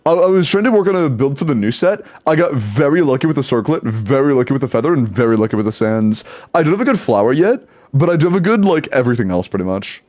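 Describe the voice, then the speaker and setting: A man's voice: medium pitch, sing-song, fast, few pauses, darkish tone. A young man live-streaming, chatting casually, rattling off game stats and laughing often.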